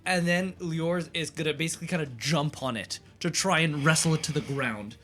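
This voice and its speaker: Higher-voiced eager male player. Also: pushed and bright, a little hiss or hum. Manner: eager, hurried, restarts a lot. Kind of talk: casual tabletop play.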